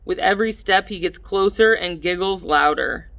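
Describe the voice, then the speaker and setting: A woman reading a first-person audiobook in a measured way, livening up the dialogue. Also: on the low side, gravelly, a bit bright. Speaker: audiobook narrator.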